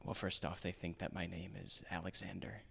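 A cagey undercover journalist, played by a man with a New York accent, talking deadpan and haltingly. His voice sits very low and is heavily fried and gravelly throughout. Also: heavily acted. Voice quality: vocal fry. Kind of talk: improvised comedy podcast.

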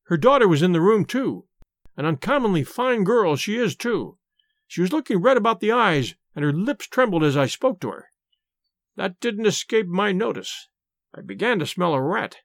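A man's voice: high-pitched, sing-song, normal speed, no echo, studio quality. A man voicing a boastful police detective who tells his story with eagerness. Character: brash, self-pleased police detective, a man.

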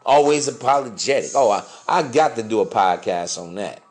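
A man's voice: lowish voice, lively intonation, normal speed, a little mellow, faint music behind. A man hosting a podcast, talking in a blunt, profane, preachy monologue full of slang. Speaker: podcast host. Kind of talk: casual monologue.

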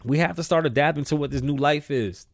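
A man's voice: a little high, fast, vocal fry, no room sound. Male host, slightly raised voice, dry close sound, profane and repetitive ranter. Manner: blunt, profane and repetitive, building to heated outbursts. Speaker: show host. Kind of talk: opinion rant monologue.

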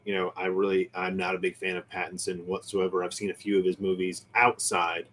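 A man's voice: deep voice, little pitch movement, brisk, a bit bright, a little hiss or hum. A man hosting a podcast in casual chat, speaking in an opinionated, ranting way. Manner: opinionated, ranting about nerd movies and shows. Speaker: podcast host.

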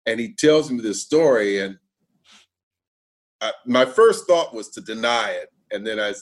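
Casting note: older man, husky voice, lively pitch, laughs easily. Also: a little slow. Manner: laughing, good-humored. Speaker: former pro basketball player, broadcast partner. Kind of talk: casual conversation.

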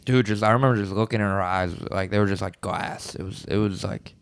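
A man co-hosting a podcast, telling laid-back stories with deadpan jokes in casual comedic chat. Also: lowish voice, brisk, clear, resonant tone, no echo. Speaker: podcast co-host.

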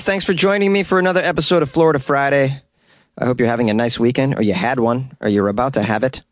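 A man from the Boston area hosts his comedy news podcast at a middling pitch. He is sarcastic and chuckles at his own jokes. The sound is dry and close to the mic. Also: fast, dry recording. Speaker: podcast host. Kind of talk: casual comedic monologue.

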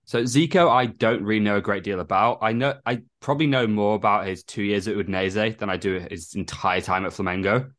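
Guy, podcast guest, lowish voice, relaxed and thoughtful. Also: a little fast, few pauses. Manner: relaxed, thoughtful, explaining at length. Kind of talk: casual football podcast chat.

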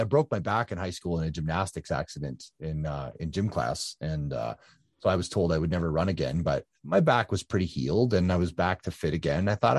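A man in his fifties telling his story in a casual interview, animated, with many fillers and restarts. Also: sits low, dry recording, clean studio sound. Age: 50s. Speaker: guest, ultra-endurance triathlete.

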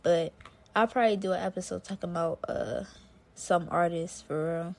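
A woman hosts a solo podcast. Her voice sits a little low, and she rambles in lively slang, full of "like" and "bro" fillers. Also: normal speed. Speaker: podcast host. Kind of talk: casual solo podcast chat.

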